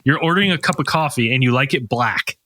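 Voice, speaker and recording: A man's voice: medium pitch, expressive, fast talker, sharp tone. A man co-hosting a podcast, chatting casually and egging the others on with laughter. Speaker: podcast co-host. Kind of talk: casual chat.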